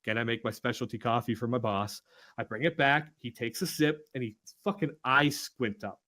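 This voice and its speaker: Swearing freely throughout, a young podcast co-host spins an animated story for his friends, voicing each person's quotes himself. He speaks at medium pitch and normal speed.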